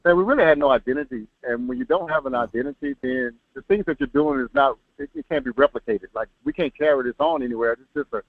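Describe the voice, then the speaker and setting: A man calls in to a live sports show and talks quickly and easily. His voice comes through a thin, phone-like line with dry sound. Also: medium pitch, very animated, gravelly, no room sound. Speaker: caller. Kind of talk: casual call-in chat. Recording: phone-like call audio.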